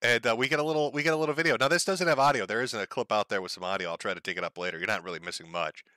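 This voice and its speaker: A man's voice: on the low side, very fast, bright, forceful tone, dry recording. A man hosting a stream, giving sarcastic, profane commentary on a video clip. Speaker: stream host.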